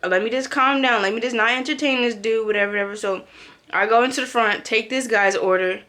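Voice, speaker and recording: A young woman tells a story about her job in a casual, talkative way. Her voice is bright and a little high. She acts out her own lines with sudden leaps in pitch. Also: brisk. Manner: animated, acts out quotes with big pitch jumps. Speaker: vlogger.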